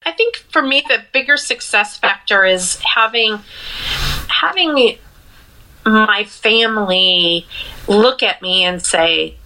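Slow, bright-toned reflective woman. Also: mid-range voice, animated, low-quality recording. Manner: earnest, reflective, many fillers and restarts. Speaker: podcast co-host. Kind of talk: casual podcast conversation.

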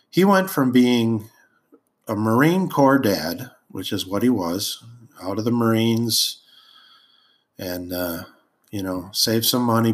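A man hosting a podcast, telling a childhood story in a rambling, amused way with many ums and uhs. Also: fairly low pitch. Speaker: podcast host. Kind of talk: casual storytelling monologue.

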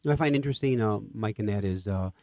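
A man's voice: fairly low pitch, very fast, dark tone, no room sound, studio quality. A man hosting an interview who asks questions with enthusiasm. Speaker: host, interviewer. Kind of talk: radio interview.

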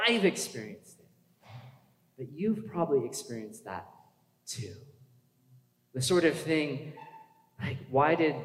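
A man preaching a sermon in a conversational way, asking the congregation questions and building to urgent emphasis. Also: a little high. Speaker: pastor. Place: church hall. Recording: echoey hall with long reverb.

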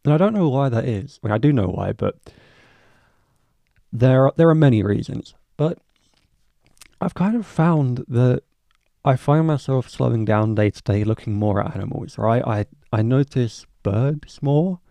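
A man's voice: medium pitch, animated, moderate pace, creaky, dry recording, dull audio. A young man hosting a casual solo podcast, rambling, swearing freely and joking at his own expense. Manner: rambling, swears freely, self-mocking asides. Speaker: podcast host.

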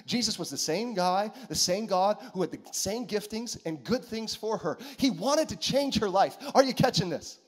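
A male pastor delivers an animated sermon, repeating his points and calling to the congregation. His voice sits high for a man and rises and falls widely. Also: moderate pace, hardly any pauses. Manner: animated, repetitive, calls to the congregation.

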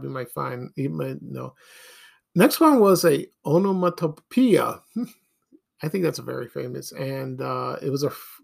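A man hosting a casual solo podcast, talking in a hesitant, halting way and chuckling between points. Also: medium pitch, vocal fry. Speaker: podcast host.

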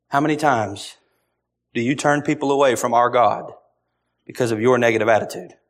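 A man's voice: mid-range voice, a little fast. A man preaching a sermon, repeating phrases and briefly acting out the voices of others.

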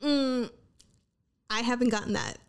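Chatty woman podcaster with a creaky edge. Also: medium pitch, steady tone, normal speed, darkish tone. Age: 30s. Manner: chatty, swearing, self-mocking pep talk. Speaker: podcast host. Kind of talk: casual solo podcast chat. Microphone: podcast microphone.

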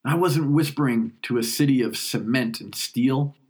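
A man's voice: mid-range voice, darkish tone, husky. A man tells his own story in a mid-range voice. He narrates reflectively and with feeling, letting moments breathe. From New York. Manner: reflective, emotional, unhurried. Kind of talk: first-person story narration.

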